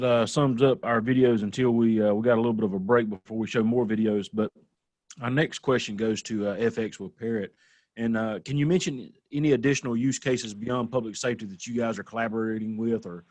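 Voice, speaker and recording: A man's voice: medium pitch, steady tone, brisk, darkish tone, no room sound. An easygoing man with a Southern US accent hosts a session and keeps the talk light and upbeat. His voice sounds dry and close, with no room around it. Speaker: webinar host. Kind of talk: casual hosting.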